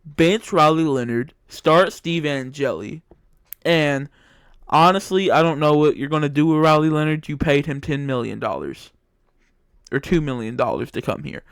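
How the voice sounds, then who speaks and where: A young man with a slightly high, smooth voice, heatedly ranting his football takes and repeating himself for emphasis. He sits close to a dry mic in a dead room, talking casually like a fan with opinions. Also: lively intonation, normal speed, dry recording. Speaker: sports commentator. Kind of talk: casual sports opinion monologue.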